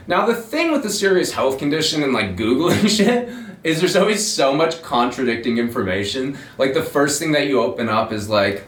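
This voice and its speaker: A man's voice: mid-range voice, lively intonation, moderate pace, reverberant, distant mic. A man hosting his own show, telling a long personal story in a rambling, profane, self-mocking way. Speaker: podcast host telling a story. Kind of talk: casual storytelling monologue.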